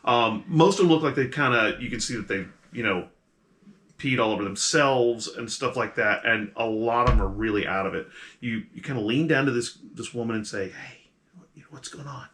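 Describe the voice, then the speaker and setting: A man's voice: mid-range voice, brisk, a bit bright, slight background noise. A man narrating as the game master of a tabletop role-playing game, in a casual, rambling way with many fillers.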